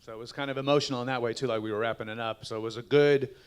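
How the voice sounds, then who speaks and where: A middle-aged actor on a fan panel, telling casual anecdotes and acting out the lines of other people. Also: male voice, medium pitch, racing, clear, resonant tone. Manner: animated, acts out quotes. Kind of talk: casual storytelling Q&A.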